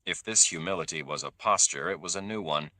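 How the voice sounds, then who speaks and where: Man reading fiction, expressive, low voice with a bright edge. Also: a little fast, no room sound. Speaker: narrator. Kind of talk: audiobook narration.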